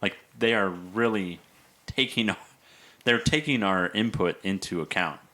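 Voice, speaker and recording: A man's voice: lowish voice, unhurried. A man chatting on a podcast, telling stories animatedly and acting out what people said. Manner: animated storyteller, acts out quotes. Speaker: podcast guest. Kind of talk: casual chat.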